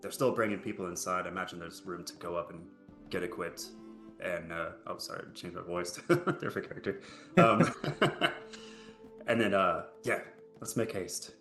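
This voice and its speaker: A man's voice: low-pitched, steady tone, normal speed, pushed and bright, roomy sound, faint music behind. A man playing a tabletop game, speaking in a laid-back, hesitant way. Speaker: player.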